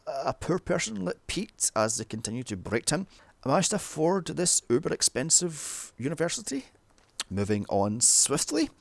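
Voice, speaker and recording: A man's voice: medium pitch, gravelly, dry recording. A man recapping a film in a sarcastic, comedic way. He swears often and keeps breaking in with mocking asides.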